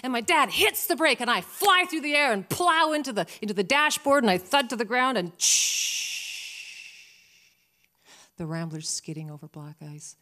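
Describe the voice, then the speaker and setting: A woman in her fifties from Canada, telling a personal story with animated, dramatic comic timing. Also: fairly high pitch, normal speed.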